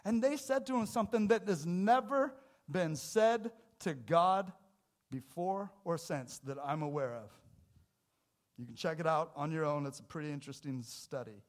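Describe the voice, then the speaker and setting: A man preaches a sermon in a church with a slightly higher than average voice. His delivery is casual and jokey, with sudden loud, emphatic bursts. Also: expressive, moderate pace. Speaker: pastor. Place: church sanctuary.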